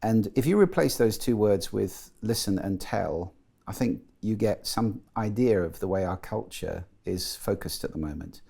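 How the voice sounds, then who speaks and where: A middle-aged man talks as an interview guest, articulate and enthusiastic. His voice sits low with a gravelly edge and a dark, mellow tone. He explains ideas readily. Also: animated, normal speed. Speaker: guest, voice and sound expert.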